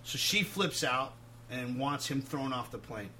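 A man, a touring musician, telling animated road stories full of swearing and acted-out quotes. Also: mid-range voice, measured pace, a loud crowd. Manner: profane, animated anecdotes acting out quotes. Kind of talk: casual storytelling.

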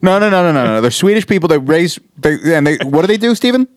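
A man's voice: on the high side, big pitch swings, fast, no echo, studio quality. A man in casual comedy chat, brash and joking, swearing freely.

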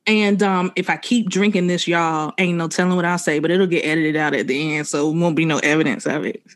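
A woman co-hosts a podcast with a slightly low voice. She chats in an animated, joking way with the people listening. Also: fairly quick. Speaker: podcast co-host. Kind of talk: casual chat.

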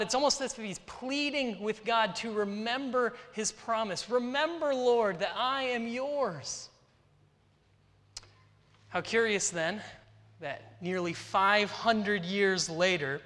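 Slow, bright-voiced preacher in a hall. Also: male voice, sits high. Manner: slow, deliberate, earnest delivery with dramatic pauses. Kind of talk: sermon. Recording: reverberant hall.

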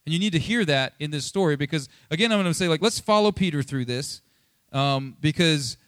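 A pastor giving a casual, conversational sermon, chatty and animated, acting out Bible scenes in quick asides. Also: male voice, mid-range voice, dry recording, clean studio sound. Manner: chatty, animated, acts out Bible quotes, many fillers.

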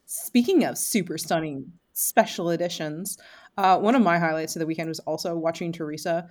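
Wry woman with a lowish voice. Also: moderate pace. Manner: wry, deadpan jokes. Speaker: podcast co-host. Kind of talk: casual chat.

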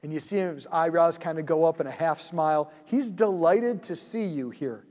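A man leading a guided prayer meditation in a church hall, speaking gently and soothingly and often dropping to a hush. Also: on the high side, normal speed.

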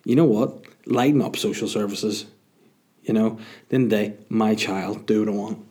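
Sardonic man, low voice. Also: steady tone, moderate pace, warm tone. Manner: sardonic, self-mocking, swears freely. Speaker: podcast host. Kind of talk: comic storytelling monologue.

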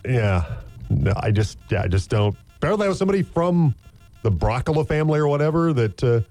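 A man's voice: medium pitch, expressive, quick pace, mellow, faint music behind. A man with an American accent co-hosting a morning radio show, telling stories in a joking, rambling way with lots of restarts. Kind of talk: casual chat.

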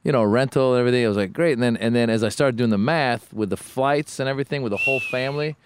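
A man co-hosting a podcast, telling stories in a relaxed, rambling way in casual chat. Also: mid-range voice, very fast, noisy background. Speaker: podcast co-host.

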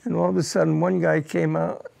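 An older man, a war veteran, telling his combat memories in an oral history interview, halting and repeating words as he goes. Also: on the high side, little pitch movement, gravelly, darkish tone.

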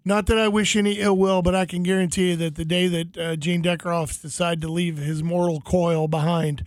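High-voiced animated storytelling man. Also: a little fast, dry recording, clean studio sound. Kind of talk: casual storytelling chat.

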